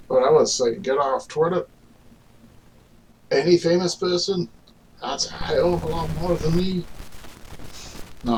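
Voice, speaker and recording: A man's voice: medium pitch, distant mic, rough recording. A man delivering a rambling, argumentative casual monologue to the camera, full of fillers and restarts. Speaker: vlogger.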